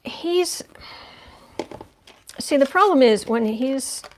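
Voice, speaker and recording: A woman with a somewhat high voice hosts a livestream tarot reading. She talks through each card as she turns it over, thinking aloud in a loose, conversational way. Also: animated, takes it slowly, a little hiss or hum. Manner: thinks aloud while turning cards, conversational. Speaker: tarot reader.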